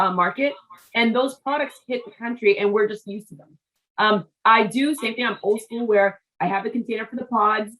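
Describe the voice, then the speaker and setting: A woman's voice: mid-range voice, a bit bright, low-quality recording. Chatty woman host telling stories. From Haitian family background. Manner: chatty, storytelling with many asides and restarts. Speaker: show host. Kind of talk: casual interview chat.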